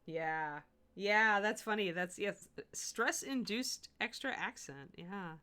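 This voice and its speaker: Woman, middle-aged, painting livestream host, casual chat, animated, bright forceful voice. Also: mid-range voice, slow pace, smooth. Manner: chatty, thinks aloud, self-correcting and animated.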